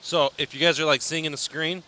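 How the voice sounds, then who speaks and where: A man co-hosting a race stream, talking fast in a bright, forward voice. His chat is casual and quick, and he passes along what viewers are saying. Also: fairly high pitch, fairly even intonation, no echo. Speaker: co-host reading viewer chat. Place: at a racetrack.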